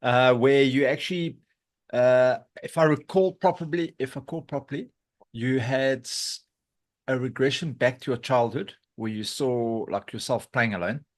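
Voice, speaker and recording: A man's voice: mid-range voice, moderate pace. A man co-hosting a podcast, making laid-back, jokey comments and asking follow-up questions. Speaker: podcast co-host. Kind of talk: casual chat.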